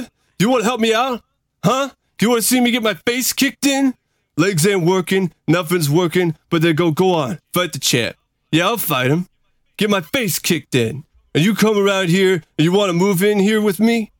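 A man doing an impression of a worn-out aging boxer, reciting a movie quote in a loud, raw, pleading voice. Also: high voice, no echo, studio quality, pitched above the performer's own voice. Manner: loud, raw, rising anguished film-quote delivery.

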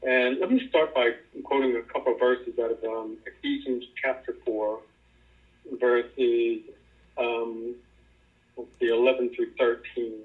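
A man's voice: medium pitch, fairly even intonation, unhurried. A man in a Bible study group who reads scripture aloud and asks thoughtful questions. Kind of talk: reading scripture and asking questions. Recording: tinny phone line.

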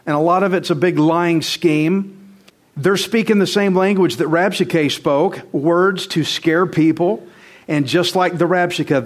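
Man preaching, emphatic and direct. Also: fairly high pitch. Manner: emphatic preaching with rhetorical questions; conversational, direct address to the congregation. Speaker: pastor. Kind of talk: sermon.

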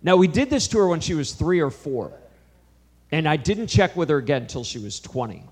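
A man's voice: on the high side, sing-song, normal speed, a little mellow, breathy edge. A middle-aged man in a casual conversation, sharing a story about his family. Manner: chatty, anecdotal.

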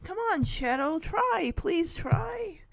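A woman's voice: very high voice, very animated, slow pace, gravelly, pitched above the performer's own voice, exaggerated voice. A woman voicing a sassy pet who coaxes a friend along in an upbeat way. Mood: coaxing.

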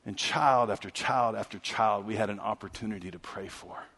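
A man preaching a sermon, telling a story and swinging from loud, emphatic lines to hushed ones. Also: fairly low pitch, moderate pace, husky. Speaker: pastor. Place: church sanctuary. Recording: long hall reverb.

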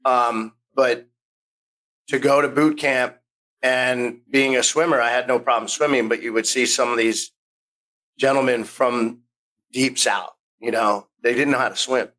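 A man's voice: medium pitch, fairly even intonation, measured pace, pushed and bright, low-quality recording. A man in his fifties from the United States, a podcast guest telling rambling stories, restarting sentences and acting out the voices he quotes. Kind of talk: casual storytelling interview.

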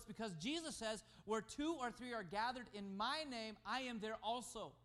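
High-voiced male pastor preaching. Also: expressive, normal speed, few pauses. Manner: emphatic preaching, rising and falling in loudness. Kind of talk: sermon.

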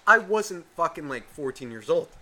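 A man co-hosting a podcast, telling a gaming story in animated, profanity-heavy casual chat. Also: on the high side, normal speed. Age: adult, past eighteen. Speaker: podcast co-host.

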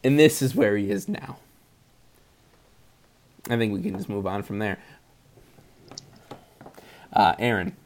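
A man's voice: on the low side, big pitch swings, slow, gravelly, pauses often. A man co-hosting a casual movie chat, sarcastic and giggly, often laughing mid-sentence. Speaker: podcast co-host reviewing movies.

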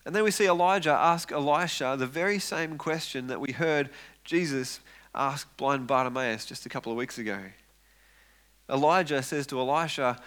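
A male preacher delivering a sermon in a bright, forward voice that sits a little high. He retells the passage with animated, acted-out quotes and stumbles into quick repeats when he gets going.

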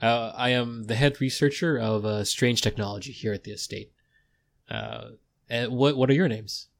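A man's voice: mid-range voice, fairly even intonation, normal speed, gravelly, natural voice. A man voicing a polite, curious male head researcher who talks in a fussy, hesitant way.

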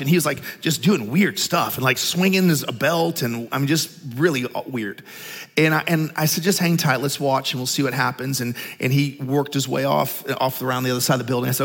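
A man of fifty, a pastor telling personal stories in a casual, energetic sermon, growing more animated as he presses his point. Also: mid-range voice, a little fast. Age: 50s. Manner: energetic, conversational, animated with rising intensity. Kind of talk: sermon storytelling. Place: church sanctuary. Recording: church hall with long reverb.

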